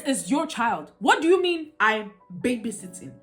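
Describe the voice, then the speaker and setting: A woman's voice: a little high, very animated, normal speed, faint music behind. A young woman giving exasperated, ranting reaction commentary. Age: young adult. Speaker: reaction video host.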